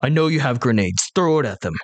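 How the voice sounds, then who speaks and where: A man's voice: mid-range voice, animated, quick pace, natural voice. A man voicing a cruel male hobgoblin commander who gives menacing orders, in a tabletop game.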